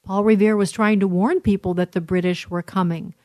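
A woman hosting a talk show, rambling through commentary on news clips with frequent pauses and restarts. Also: mid-range voice, steady tone, darkish tone, no room sound, clean studio sound. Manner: rambling, many fillers and restarts.

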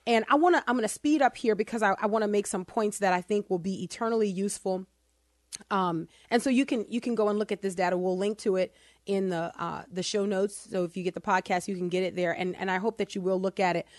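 A woman hosting a podcast, talking through survey data with sarcastic asides, speeding up and then slowing down for emphasis. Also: medium pitch, no room sound, studio quality. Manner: animated, sarcastic asides, quick bursts then slow emphasis. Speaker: podcast host. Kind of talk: casual opinion podcast talk.

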